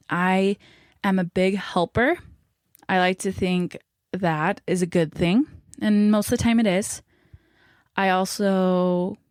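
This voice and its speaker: A woman's voice: on the low side, dry recording, clean studio sound. A young woman hosting her podcast in casual chat, upbeat and laughing often, a little out of breath, recording in a small closet alcove. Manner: chatty, upbeat, laughs often, says y'all. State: a bit out of breath. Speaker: podcast host.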